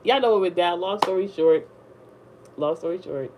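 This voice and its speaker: A woman telling a rambling storytime in casual slang, jumping up high when she acts surprised. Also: moderate pace, dull audio, noisy background. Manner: rambling, slangy, animated retelling. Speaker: vlogger.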